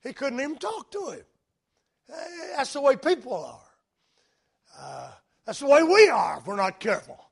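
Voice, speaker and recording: A male preacher delivering a sermon, emphatic and rising to shouts, weaving in personal stories. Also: extremely high pitch, sing-song, moderate pace, gravelly, pauses often.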